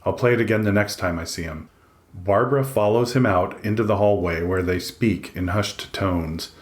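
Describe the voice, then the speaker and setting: A man's voice: sits low, normal speed. A man reading a first-person audiobook in a dry, introspective way. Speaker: audiobook narrator. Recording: echoey room.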